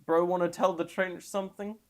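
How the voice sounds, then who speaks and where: A trans woman streaming live and reacting to memes, rambling and sarcastic with deadpan asides, and tired. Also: fairly low pitch, fairly quick.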